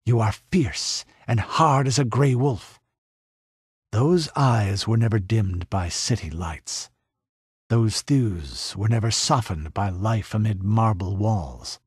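A man's voice: on the low side, slow, darkish tone, slightly rough, no room sound, studio quality, full character voice. A man voicing a proud, fierce young pirate queen who speaks in a commanding, passionate way. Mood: admiring.

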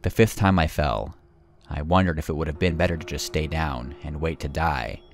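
Very low male voice for a grim, steady first-person horror read. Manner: grim, measured storytelling. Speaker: horror story narrator.

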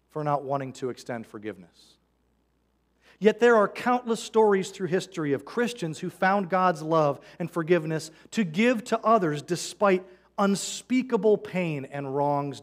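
A man preaching a sermon as a pastor, earnest and conversational, quoting scripture. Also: on the high side. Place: church sanctuary.

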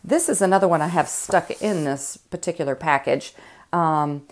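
A woman's voice: sits low, normal speed. Chatty Southern woman art teacher. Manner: chatty, folksy, many fillers and restarts. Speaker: art instructor. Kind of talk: casual demonstration tutorial.

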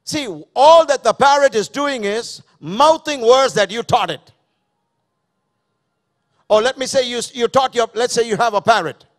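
A man's voice: very high voice, measured pace, fairly bright tone. A man preaching a sermon to his church, repeating key phrases and asking the congregation questions. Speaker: pastor. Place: church service.

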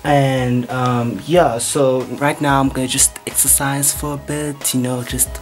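A man's voice: mid-range voice, level tone, a little slow, faint music behind. A young man chatting playfully in a casual home vlog, with lots of asides and fillers. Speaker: vlogger. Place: room at home.

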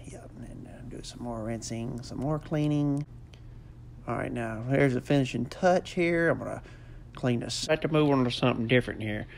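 A man's voice: mid-range voice, moderate pace, creaky, slight background noise. A man doing a goofy, rambling comic voiceover full of fillers. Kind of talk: joking mock voiceover.

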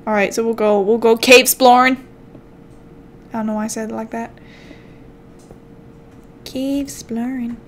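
A woman's voice: a little high, a little mellow, a little hiss or hum. A young woman chatting playfully to herself while commenting on her game as a channel host. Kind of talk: casual gameplay commentary.

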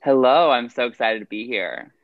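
A young man from Texas with a Southern Texan accent, chatting eagerly and fast as a podcast guest. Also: mid-range voice, phone-quality sound, over a noisy crowd. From Texas, USA. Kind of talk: casual podcast chat.

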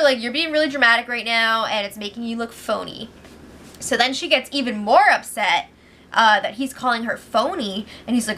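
A young woman hosting a casual recap, talking fast and gossipy, with laughing asides and quick quoted voices. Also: on the high side, sharp tone, a little hiss or hum. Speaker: host recapping a reality show.

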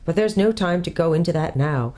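A woman's voice: fairly low pitch, animated, brisk, darkish tone, close to an everyday voice. A woman voicing an old male tutor, learned and kindly, courtly and precise as he explains, in a storybook reading. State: out of breath from hurrying.

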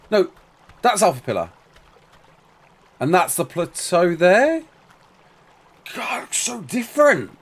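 A man streaming a game, rambling casually to his chat and to himself with quick exclamations. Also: sits high. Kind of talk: casual live-stream chat while playing.

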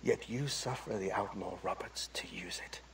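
A man's voice: sits low, moderate pace, creaky, recorded from a distance, a little hiss or hum. An actor playing a dying governor, proud and scornful as he defends his cause in a video game cutscene.

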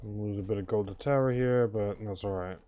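A man's voice: fairly low pitch, fairly quick, phone-quality sound. A worn-out, sleepy man streaming a game, talking casually over his play and mumbling with sighs and groans. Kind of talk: casual gameplay commentary.

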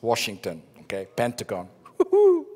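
A man's voice: mid-range voice, huge pitch swings, normal speed, mellow. Joking middle-aged man in a reverberant hall. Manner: joking, storytelling with punchlines. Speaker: keynote speaker. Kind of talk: humorous conference keynote. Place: large conference hall. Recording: long reverb of a large hall.

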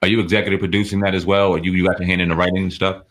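Deep, quick-talking male host. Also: crowd noise. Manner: relaxed, slangy questioning. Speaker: interview host. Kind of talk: casual interview.

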